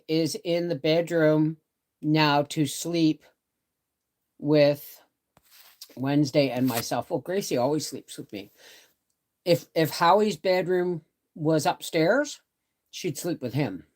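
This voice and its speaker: Slow, rambling middle-aged woman live-streaming. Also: deep voice, expressive, darkish tone. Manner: rambling, chatty, greets viewers by name. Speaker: homestead channel host. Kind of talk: casual live-stream chat. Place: bedroom, in bed.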